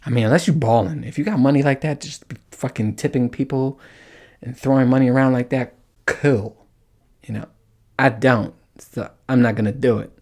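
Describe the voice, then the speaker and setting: A man hosting a podcast on his own, telling a story in a casual, profane, animated way and laughing as he goes. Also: mid-range voice, moderate pace. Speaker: podcast host. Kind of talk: casual solo podcast monologue.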